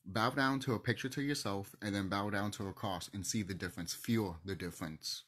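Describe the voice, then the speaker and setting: A man's voice: lowish voice, a little fast, fairly bright tone. A man hosting his own channel, ranting to camera in a heated, profane, preachy way. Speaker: channel host.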